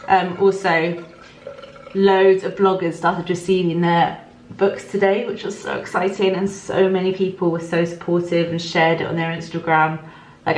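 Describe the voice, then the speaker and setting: A chatty young woman talks casually straight to her camera, her voice sitting slightly low. She rambles cheerfully with plenty of fillers, recorded close on a handheld camera. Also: rough recording. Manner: chatty, bubbly, lots of fillers. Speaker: vlogger. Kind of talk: casual vlog chat. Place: at home, then out in town.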